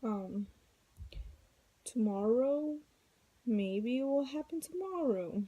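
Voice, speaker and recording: A woman's voice: mid-range voice, unhurried, gravelly, warm tone, no echo, rough recording. A tired, heavily pregnant woman at home, chatting casually to her viewers in a rambling, weary, venting way. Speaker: vlogger. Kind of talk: casual chat to camera.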